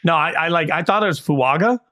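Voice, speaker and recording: A man's voice: on the high side, steady tone, fast, sharp tone. A man co-hosting a casual sports podcast, giving blunt, emphatic opinions and asking himself rhetorical questions. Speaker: podcast co-host.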